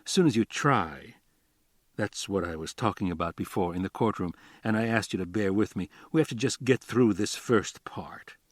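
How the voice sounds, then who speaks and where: A man's voice: on the low side, normal speed, dry recording, natural voice. A man reading an audiobook, playing a blunt, wisecracking homicide detective with a dry, easy manner. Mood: wry.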